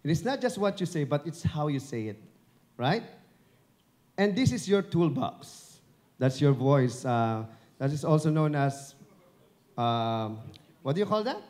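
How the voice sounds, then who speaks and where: A man's voice: fairly high pitch, big pitch swings, measured pace, pauses often, a little mellow. A man with a Filipino accent, a dubbing director and broadcaster, giving a chatty, encouraging live speech at an event, speaking into a handheld microphone held at his chin. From Philippines. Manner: chatty and encouraging, joking with the audience. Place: event venue before an audience.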